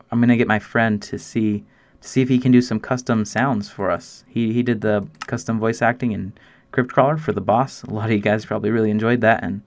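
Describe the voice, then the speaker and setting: A man hosts a casual screen-recorded tutorial in a middle-pitched voice. He is eager and walks through each step, often restarting a phrase mid-thought as he explains. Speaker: game map maker and tutorial host.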